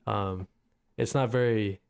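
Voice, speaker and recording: A man's voice: lowish voice, fairly even intonation, takes it slowly, vocal fry, clear, resonant tone. A man co-hosting a gaming podcast, rambling casually with lots of "you know what I mean" and some swearing. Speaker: podcast co-host. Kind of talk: casual chat.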